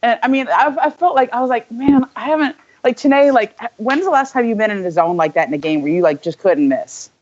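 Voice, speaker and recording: A young woman co-hosting a podcast, telling a story in a casual, animated way, full of "like" and quick asides. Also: a little high, muffled recording. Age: young adult. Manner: animated, filler-heavy storytelling with lots of "like". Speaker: podcast co-host.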